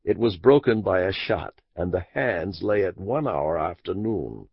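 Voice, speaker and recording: A man narrating an audiobook with deliberate storytelling, on a dull lo-fi recording. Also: deep voice, lively intonation, gravelly, breathy edge, no room sound. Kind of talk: scripted narration.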